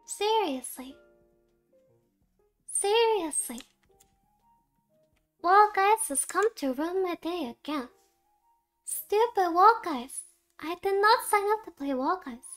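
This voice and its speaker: Very high-pitched, slow-talking woman streamer. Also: expressive, fairly bright tone, soft background music. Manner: playful, melodramatic, mock-heroic declarations; sprinkles Japanese words into English. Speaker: VTuber streamer. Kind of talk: live game-stream commentary.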